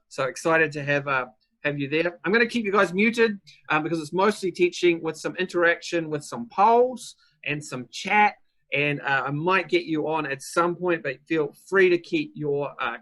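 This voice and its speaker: An upbeat man with a New Zealand accent runs a live online lesson, talking chattily to his viewers. His voice sits a little high and comes across bright and forceful. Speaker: webinar host and business coach. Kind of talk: live webinar teaching.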